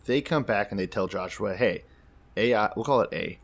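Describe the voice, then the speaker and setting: A man's voice: on the low side, expressive, fast talker, vocal fry, husky. A man co-hosting a comedy podcast, commenting bluntly and sardonically with frequent swearing. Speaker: podcast co-host. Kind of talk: irreverent comedy chat.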